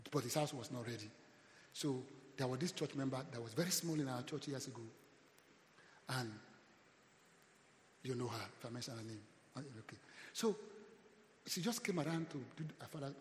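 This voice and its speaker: A Nigerian pastor preaches with a mid-pitched male voice, calling out to the congregation and swelling louder at key points. The sound is roomy, with a long reverb trailing off the walls of a large hall. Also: slight background noise. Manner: preaching with call-and-response, loud swells. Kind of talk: sermon.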